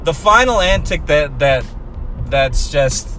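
A man telling a story in casual chat, animated and repeating himself for emphasis. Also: fairly high pitch, slow, faint music behind.

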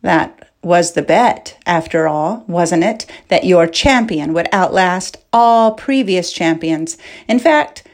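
A woman voicing a proud, scoffing male king in an audiobook, speaking with mocking scorn. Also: mid-range voice.

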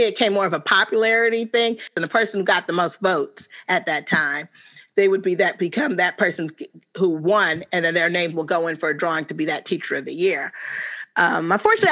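A woman in her forties, a teacher, telling stories animatedly in a casual interview, often restarting her sentences. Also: medium pitch. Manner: animated, lively storyteller with frequent restarts. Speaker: teacher, podcast guest.

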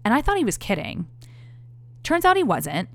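A woman's voice: on the high side, wildly swooping pitch, moderate pace. A woman in her thirties telling a story to her viewers in a candid, profane, exasperated way. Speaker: vlogger. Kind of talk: casual storytelling to camera.

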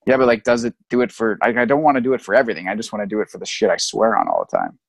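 A man's voice: lowish voice, sing-song, rapid-fire, gravelly, no room sound. Male podcast co-host, rambling and profane, dry close sound. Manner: frequent swearing, rambling storytelling. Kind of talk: casual chat.

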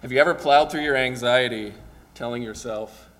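A man's voice: mid-range voice, moderate pace, fairly bright tone. Chatty pastor man preaching. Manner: casual, asks "right?" often, chuckles. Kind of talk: conversational sermon.

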